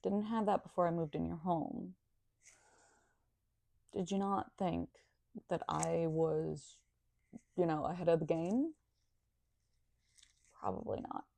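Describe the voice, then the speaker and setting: A woman's voice: fairly low pitch, fairly even intonation, takes it slowly, gravelly, long pauses, warm tone, no room sound. A woman talking in a casual monologue, sardonic and profane.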